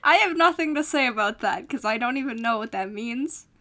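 A woman's voice: on the high side, animated, brisk, bright, forceful tone. A woman co-hosting a podcast in casual chat, rambling with many ums and frequent giggles. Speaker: podcast co-host.

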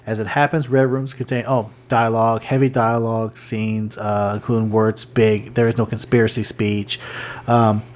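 A man's voice: lowish voice, level tone, unhurried, a little hiss or hum. A man co-hosting a casual podcast chat, rambling with many fillers and restarts while reading from notes. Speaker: podcast co-host.

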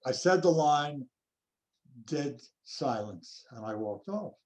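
A man's voice: fairly high pitch, lively intonation, a little mellow. Older man telling stage stories. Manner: anecdotal, unhurried storytelling. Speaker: actor guest. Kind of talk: reminiscing interview.

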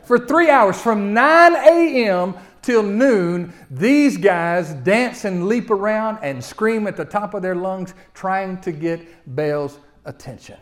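A man preaching a sermon, telling the story with lively swings between loud outbursts and quiet asides. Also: high-pitched, takes it slowly, hardly any pauses.

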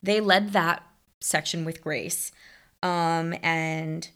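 A woman in casual conversation about a movie, chatty and quick to chime in with agreement. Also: deep voice, fairly even intonation, fairly bright tone, clear, resonant tone.

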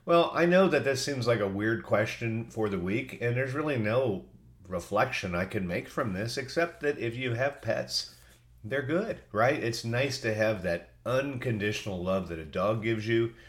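A middle-aged man who has a cold hosts a casual solo podcast, speaking in a medium pitch at a moderate pace. In a chatty, folksy way, he reads out listener answers.

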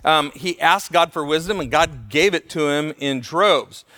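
A male pastor preaching a sermon, telling stories in an animated way and acting out the voices of the people he quotes. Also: fairly high pitch, a little slow, long reverb tail.

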